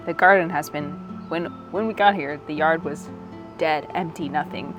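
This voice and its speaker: A woman's voice: lowish voice, normal speed. A woman chatting casually in her own gardening vlog, giggly and easily moved, laughing often. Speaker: gardening vlogger. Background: music.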